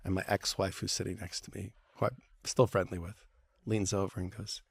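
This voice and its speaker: A man's voice: low-pitched, brisk, vocal fry, husky, dry recording. A middle-aged man, a divorce lawyer and author, telling candid, profane stories in a casual interview. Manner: animated storyteller, candid and profane.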